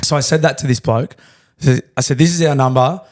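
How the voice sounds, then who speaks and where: A man's voice: medium pitch, fast talker. A young adult man, telling stories in casual podcast chat, swearing and laughing a lot. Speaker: podcast co-host.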